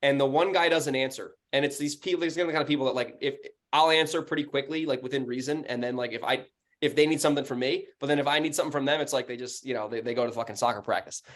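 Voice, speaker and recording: Profane, animated New York man telling stories. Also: mid-range voice, fast talker. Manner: animated, profane, acts out heated phone calls in a raised voice. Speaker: podcast co-host, real estate investor. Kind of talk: casual chat, storytelling.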